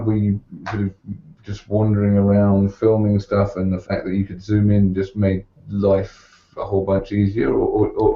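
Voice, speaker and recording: A middle-aged man with a low voice hosts a casual interview, his questions unhurried and level in pitch. His audio comes through a muffled online call line with a roomy echo. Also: warm tone. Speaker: host.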